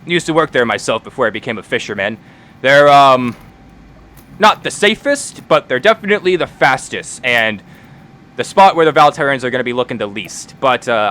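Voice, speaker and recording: A man playing a weathered fisherman who used to work the mines, talking in a loose, rambling way with plenty of pauses and filler. The voice sits at a middling pitch, and the whole thing plays out as a tabletop game scene. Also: sharp tone. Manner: rambling, hesitant, full of filler. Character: weathered middle-aged male ex-miner fisherman, helpful.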